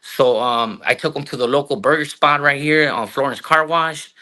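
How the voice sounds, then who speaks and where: A man's voice: mid-range voice, moderate pace. A man in his thirties with a South Los Angeles accent, a guest telling slangy, profane stories in a casual interview. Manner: slangy, profane, animated storyteller who acts out quotes. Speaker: guest actor.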